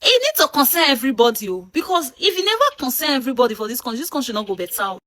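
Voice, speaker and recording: A woman's voice: sits high, big pitch swings, racing, a bit bright, dry recording. Pleading Nigerian woman, pidgin-laced. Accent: Nigerian Pidgin-inflected. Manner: pleading, urging. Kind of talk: video message.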